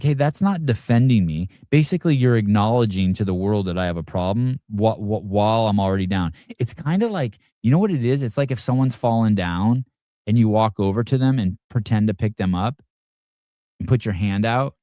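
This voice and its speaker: Low, dry-voiced man ranting profanely. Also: lively intonation, fairly quick, warm tone, no echo. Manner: talks straight to his audience and producer. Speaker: podcast host. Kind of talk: reaction commentary, casual rant.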